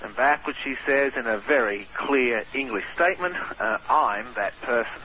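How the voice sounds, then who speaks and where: A man's voice: mid-range voice, expressive, moderate pace. An Australian man as a radio guest, explaining eagerly with many fillers. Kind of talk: radio interview. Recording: muffled radio broadcast with faint hiss.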